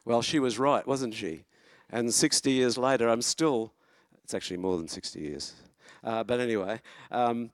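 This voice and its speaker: A man in his seventies delivers a sermon at a church lectern. He sounds earnest and encouraging, often stopping to restart a phrase. His voice sits at an average pitch and is recorded dry and close. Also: moderate pace, dry recording. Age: 70s. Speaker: preacher.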